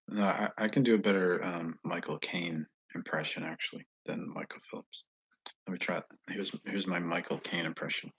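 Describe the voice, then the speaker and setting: A man with a Northeast US accent, hosting a casual live chat with viewers. He rambles slowly, with frequent pauses and fillers and asides that trail off quietly. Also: sits low, steady tone, husky, no room sound, highs cut off. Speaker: channel host answering viewers.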